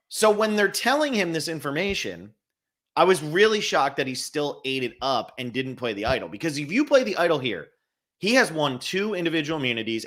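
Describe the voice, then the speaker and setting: A man's voice: medium pitch, fairly bright tone. A man hosting a podcast, conversational and explaining at length. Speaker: podcast host. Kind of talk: casual podcast chat.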